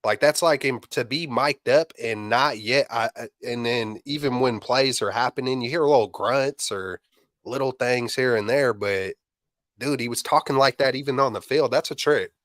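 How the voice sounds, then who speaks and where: Male co-host, mid pitch, slangy casual delivery, dry recording. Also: normal speed, a bit bright, no echo. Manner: loose, slangy, repeats himself. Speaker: podcast co-host. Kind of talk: casual sports chat.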